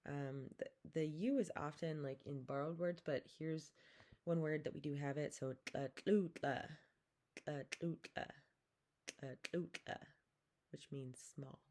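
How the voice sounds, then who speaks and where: A woman teaching a language lesson, saying each vowel slowly and repeating words for the listener to copy. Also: sits low, warm tone. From Pacific Northwest, Coast Salish community. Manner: slow and careful, repeats each sound, drawn-out demonstrations. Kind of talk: slow, patient vowel lesson with call-and-repeat.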